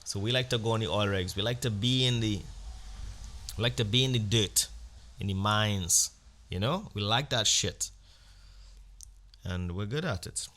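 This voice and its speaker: A man telling crude comic stories as a podcast host, acting out exchanges with sudden jumps in pitch and volume. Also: normal speed, long pauses, bright, forceful tone. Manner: blunt and crude. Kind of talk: comic storytelling monologue.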